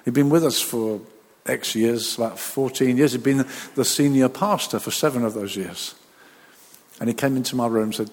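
A man preaching a sermon as a pastor, lively and animated, who acts out the voices of the people he talks about. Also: medium pitch, normal speed, long reverb tail.

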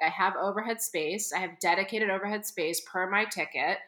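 A woman tells a story on a podcast, casual and animated, acting out each person she quotes. Her voice is bright and forward, and the room around her sounds echoey. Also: medium pitch, a little fast. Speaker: podcast co-host.

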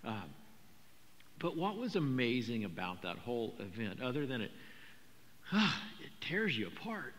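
Older male pastor, bright voice, echoing hall. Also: medium pitch, unhurried, long pauses. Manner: conversational, animated storytelling with repetitions. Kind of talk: sermon. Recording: long hall reverb.

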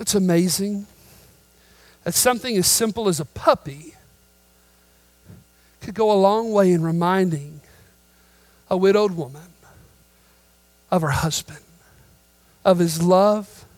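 A man preaching a sermon, telling a story that builds into loud, emphatic preaching. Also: sits high, a little slow, pauses often, no echo, low-quality recording. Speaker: pastor.

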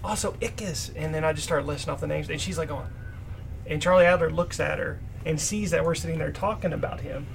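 A man's voice: fairly high pitch, fairly quick, vocal fry, slight background noise. A man in casual chat, earnestly telling a personal story.

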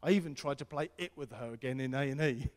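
A middle-aged man preaching a sermon as pastor, earnest and repetitive, swinging between loud appeals and hushed tones. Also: mid-range voice, fast talker. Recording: long hall reverb.

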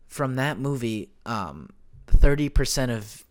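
A man's voice: medium pitch, sing-song, slow pace. A young man hosting his own podcast at home, talking casually into a desk microphone, rambling with many fillers and self-corrections. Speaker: podcast host. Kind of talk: casual solo podcast chat. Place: home room.

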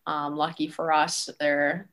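A woman college coach answering interview questions in a relaxed, thoughtful way, with frequent ums. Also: deep voice, slow pace.

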